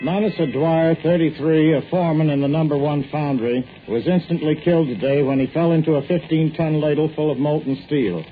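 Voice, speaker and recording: An actor playing a radio newscaster, reading a bulletin briskly and formally in 1940s radio drama style. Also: male voice, fairly high pitch, a little hiss or hum, natural voice. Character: crisp male radio newscaster. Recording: narrow-band old radio recording with music.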